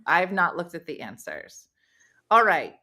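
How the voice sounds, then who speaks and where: A woman's voice: lowish voice, sing-song, moderate pace, sharp tone. A middle-aged woman hosting a casual chat, teasing her guest with playful questions. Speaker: host.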